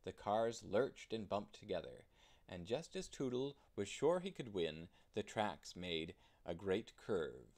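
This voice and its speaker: A man narrating a children's storybook in an expressive storytelling manner. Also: on the low side, a little slow. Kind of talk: children's storybook read-aloud.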